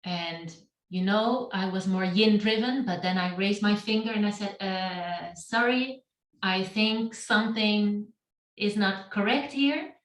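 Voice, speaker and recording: A middle-aged woman, speaking on a video call, giving a reflective talk about her own life to a meetup. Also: mid-range voice. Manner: slow, reflective storytelling. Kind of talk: personal storytelling talk. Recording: roomy and distant from the mic.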